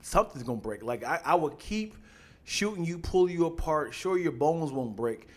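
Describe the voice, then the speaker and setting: A podcast co-host chats casually in a highish, expressive voice at a normal speed. He acts out quotes using put-on voices.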